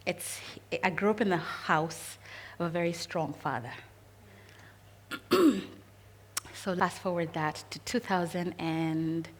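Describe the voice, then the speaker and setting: Woman telling a personal story. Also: low voice.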